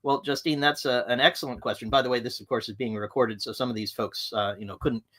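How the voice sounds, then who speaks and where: A man's voice: medium pitch, fairly even intonation, fast talker, pushed and bright. A man presenting a live webinar, speaking frankly and directly to his audience. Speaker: livestream presenter on management.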